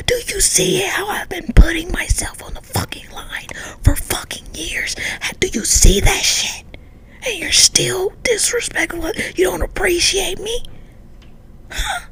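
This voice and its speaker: A woman voicing an indignant, fed-up adult who feels disrespected, ranting in a high, hushed whisper with heavy swearing. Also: heavily acted, rough recording.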